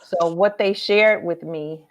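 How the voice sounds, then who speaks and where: A woman in real estate calmly explaining what happened in a matter-of-fact way. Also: lowish voice, slow pace. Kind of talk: casual explanation.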